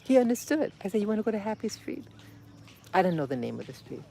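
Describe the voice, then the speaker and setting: Woman rambling into her phone on a street walk, lowish gravelly voice, faint traffic behind. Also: sing-song, fast talker, warm tone. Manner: rambling, emotional, talks to her little boy. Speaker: vlogger. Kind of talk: casual walking vlog. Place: outdoors on a street.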